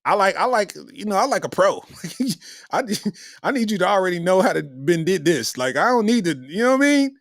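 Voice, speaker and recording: A middle-aged comedian hosts a podcast and tells loose, slangy stories. His pitch swings up and down with lively energy. The sound is close and dry, with little room echo. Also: a little fast. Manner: animated, slangy, laughs between lines.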